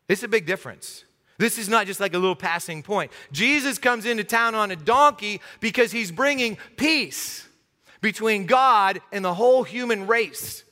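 A male pastor preaching a sermon, telling the story with lively humor and acting out the scenes for his listeners. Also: sits high, big-room sound.

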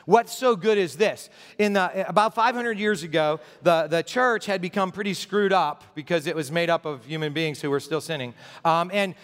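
High-voiced man preaching in a reverberant hall. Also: normal speed, hardly any pauses, fairly bright tone, smooth. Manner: conversational preaching with jokes and asides. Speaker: pastor. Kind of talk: sermon. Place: church sanctuary.

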